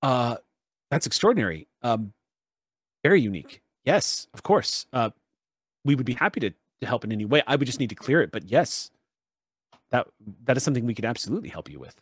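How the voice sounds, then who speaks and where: A man's voice: mid-range voice, big pitch swings, brisk, slightly rough, dry recording. A man voicing a polite, stammering telepathic official at an estate. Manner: apologetic, stammering.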